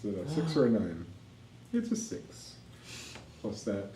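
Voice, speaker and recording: A man running a tabletop game as game master, narrating and ruling on rolls in a relaxed, wry way. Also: on the low side, unhurried. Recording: roomy echo, mic at a distance, faint noise.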